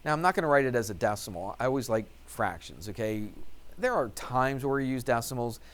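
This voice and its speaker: A man's voice: medium pitch, animated, fairly quick. A male math teacher talking through algebra steps, asking questions and answering them himself as he writes. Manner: talks while writing out steps. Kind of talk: classroom lecture.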